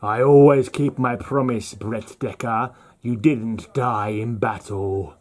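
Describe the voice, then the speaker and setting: A man voicing Death, a grim male spirit who keeps his bargains, speaking low and slow. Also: fairly even intonation, darkish tone. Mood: sly.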